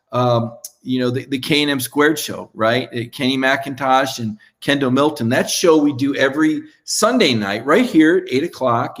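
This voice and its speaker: A man's voice: medium pitch, a bit bright. Chatty male sports show host. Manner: chatty, rambling with fillers and restarts. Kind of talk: live show sign-off monologue.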